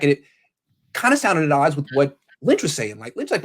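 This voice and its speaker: Animated man talking football. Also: a little high, fairly quick. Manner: animated, quotes people in paraphrase. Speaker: sports podcast host. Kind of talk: casual sports talk.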